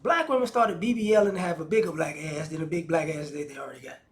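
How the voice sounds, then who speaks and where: A man with giving a casual opinion monologue, animated and slangy, often acting out the voices of the people he talks about. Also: a little high, quick pace. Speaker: commentator.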